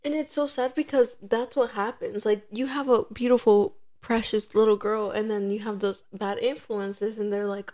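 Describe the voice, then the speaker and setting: A woman's voice: mid-range voice, moderate pace, hardly any pauses. A young woman in her twenties co-hosting a casual podcast chat, telling a story with lots of acted-out quotes. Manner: animated storytelling, acting out quoted voices. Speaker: podcast co-host.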